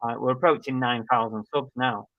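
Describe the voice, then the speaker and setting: A man co-hosts a live reselling chat, talking things through in an easygoing, rambling way. His voice sits at an ordinary middle pitch. The sound is dry and close, with a slightly dull, muffled quality. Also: fairly even intonation, moderate pace, no echo. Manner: chatty, laid-back, thinking aloud with fillers. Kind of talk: casual live-stream chat, reading viewer comments.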